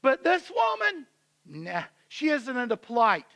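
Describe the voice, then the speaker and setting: A man's voice: very high voice, huge pitch swings, measured pace, pushed and bright. A man preaching as senior pastor in a church, telling the story conversationally and acting out the characters' voices. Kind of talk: sermon.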